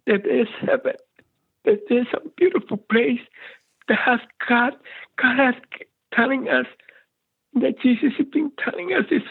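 A man's voice: very high-pitched, animated, measured pace, gravelly, pauses often, husky. A man calling in to tell a faith story, speaking fervently in a prayerful way, his voice sometimes breaking with emotion, over a phone line. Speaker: caller sharing a faith testimony. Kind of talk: emotional spoken testimony.

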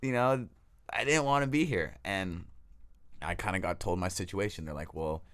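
A man's voice: low-pitched, normal speed, fairly bright tone, clear, resonant tone. A young man with a Bay Area accent, telling a personal story as a podcast guest in a laid-back, slangy way and laughing often. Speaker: guest, detox technician. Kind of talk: casual storytelling. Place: podcast studio.

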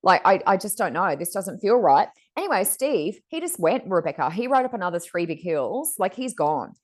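A middle-aged woman co-hosting a podcast, telling stories in a chatty, animated way and acting out other people's lines. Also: lowish voice, moderate pace. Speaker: podcast co-host. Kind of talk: casual storytelling chat.

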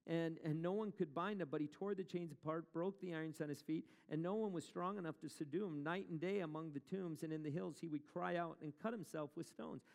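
A man's voice: on the high side, a little fast, few pauses, in a large hall. A male pastor preaching a sermon in a conversational way, asking the congregation questions as he retells a story.

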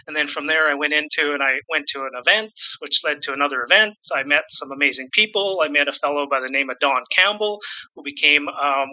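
Guesting in a relaxed interview, a Canadian man in his fifties from Saskatchewan who invests in real estate rambles, repeats himself, and pokes fun at himself. He has a fairly high pitch and a bright, forceful tone. The audio is poor.

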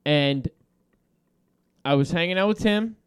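A man's voice: on the high side, a little slow, clear, resonant tone, no echo, studio quality. A man hosting a podcast, telling a heated story with lots of swearing and laughter in casual banter. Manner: animated storytelling with profanity and laughter. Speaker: podcast host.

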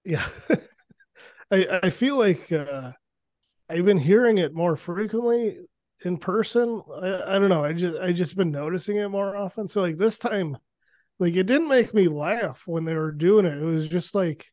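A man's voice: high-pitched, measured pace, darkish tone, no echo, studio quality. A man in casual podcast chat, easygoing and laughing lightly between thoughts. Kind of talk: casual movie-discussion chat.

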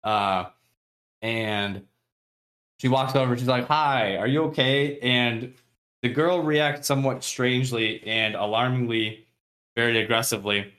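A man's voice: medium pitch, measured pace, pauses often, a bit bright. A man co-hosting a podcast, recapping a book chapter in a casual, chatty way, often laughing and acting out characters' lines. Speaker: podcast co-host.

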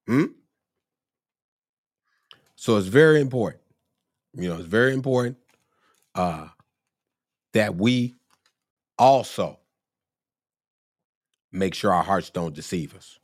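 A man preaching a sermon, exhorting and working himself up with cries of praise and long drawn-out phrases. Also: fairly low pitch. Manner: exhorting, rising to excited shouts of praise.

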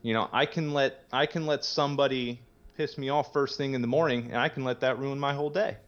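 A man's voice: medium pitch, steady tone, a little fast. A young man in recovery telling his story in a candid, rambling way, full of "you know" and casual swearing. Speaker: guest in recovery. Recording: muffled lo-fi audio.

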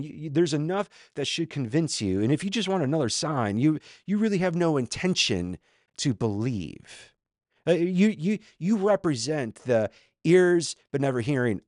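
A man's voice: mid-range voice, expressive, normal speed, a little mellow, dry recording. Chatty male pastor, dry sound. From Minnesota. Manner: chatty, lots of fillers and restarts. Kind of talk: casual sermon commentary.

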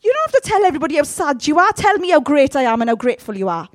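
A woman voicing God as a cheerful, playfully vain figure, in a high, sassy, exuberant tone. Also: sing-song, racing, no room sound, clean studio sound.

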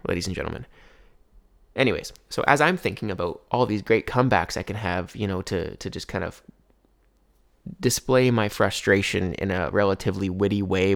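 A young man chats to his viewers in a loose, wandering way, piling on fillers as he tells his story. His voice sits a touch low and carries a gravelly fry. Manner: rambling, filler-heavy, keeps saying "anyways". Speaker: vlogger.

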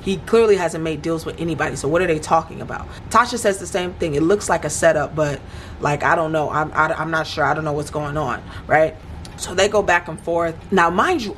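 A woman recapping a reality show in an excited, casual way, talking straight to her viewers with slang and acting out what people said. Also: sits low, quick pace, slight background noise. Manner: animated, acts out quotes in put-on voices; uses slangy asides to viewers.

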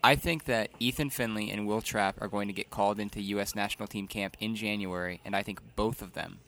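A man co-hosting a sports podcast, eager and confident, circling back over his own points. His voice sits on the low side with a bright, forward tone. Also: fairly even intonation, fairly quick. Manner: eager, confident predictions, repeats himself. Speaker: podcast co-host. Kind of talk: casual sports talk.

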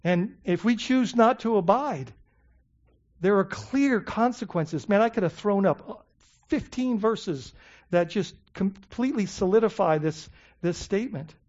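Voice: medium pitch, lively intonation, a little slow, darkish tone, muffled recording. A pastor preaching a sermon, emphatic, often repeating words and checking in with the congregation.

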